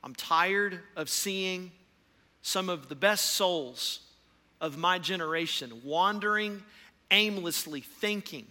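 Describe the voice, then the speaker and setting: Male pastor preaching with passion, bright and piercing tone, echoing through a large church hall. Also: high voice, slow pace. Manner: impassioned preaching, swings from hushed to loud storytelling. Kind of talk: sermon. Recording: long hall reverb.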